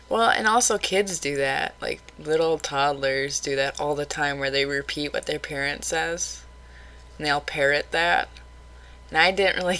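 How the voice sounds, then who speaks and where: A woman's voice: low-pitched, fairly bright tone, rough recording. A woman vlogging casually late at night, rambling candidly and criticizing herself.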